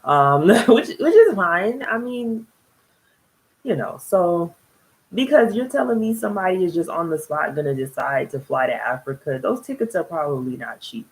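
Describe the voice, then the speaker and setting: A young woman recaps a reality TV episode in a fairly low, very animated voice at a moderate pace, and the recording quality is low. She's chatty and rambling, often laughing between thoughts.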